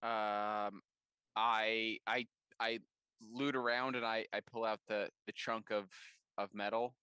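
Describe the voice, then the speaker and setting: Man, tabletop player, slow, bright, joking, stammering restarts. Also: fairly low pitch, little pitch movement, clean tone, no room sound. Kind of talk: casual tabletop game chat.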